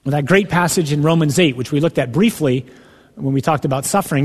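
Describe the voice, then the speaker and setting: A man giving an earnest sermon, slowing down and rising in pitch when he quotes scripture. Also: slightly rough, big-room sound. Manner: earnest, builds to emphatic rising passages when quoting scripture. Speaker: priest.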